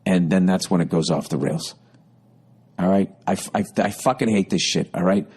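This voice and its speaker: With a husky, low-pitched, slightly mellow voice at a moderate pace, a middle-aged man hosts a podcast. He rambles through a profane comic tale, swearing heavily and ranting in exasperation with mounting intensity.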